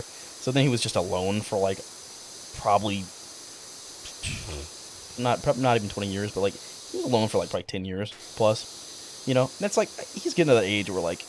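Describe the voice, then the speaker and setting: A young man chats casually while streaming a game, rambling along with constant fillers and cursing. His speaking voice sits fairly low for a man, with a faint hiss of game sound behind him. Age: young adult. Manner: rambling, full of fillers and swearing. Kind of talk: casual chat while gaming.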